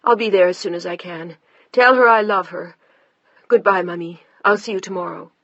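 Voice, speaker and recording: A narrator voicing a frantic mother calling overseas, urgent and pleading, shouting into a bad phone line. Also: mid-range voice, fairly even intonation, moderate pace, no room sound, lightly acted.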